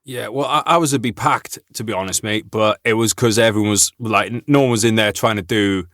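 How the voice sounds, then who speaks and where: A man who is an army veteran, hosting a podcast in a relaxed, laughing chat full of swearing and banter. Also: fairly low pitch, brisk, no echo, clean studio sound. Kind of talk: casual chat.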